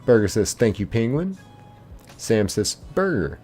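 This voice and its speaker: A man's voice: fairly low pitch, big pitch swings, a little slow, faint music behind. A young man hosting a live game stream, chatting casually and reading out viewer comments. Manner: laid-back, chatty, greets viewers warmly by name. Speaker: livestream host.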